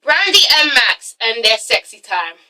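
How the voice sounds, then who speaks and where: A woman's voice: a little high, big pitch swings, unhurried, sharp tone, far from the mic, rough recording. A woman hosting a casual TV-recap vlog, sassy and profane, with constant "okay?" asides. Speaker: reviewer, channel host.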